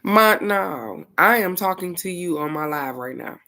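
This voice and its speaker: A middle-aged woman hosting a casual livestream in a chatty, informal way, laughing easily between thoughts. Her voice sits a little low but has a bright, forward edge. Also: expressive, a little slow. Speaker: livestream host.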